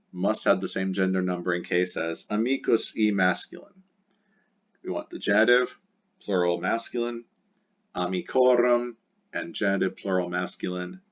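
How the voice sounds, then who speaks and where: Low male teacher voice, methodical and repetitive, muffled lo-fi recording. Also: measured pace. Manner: patient, methodical, repeats key phrases. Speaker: Latin teacher. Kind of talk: recorded grammar lesson.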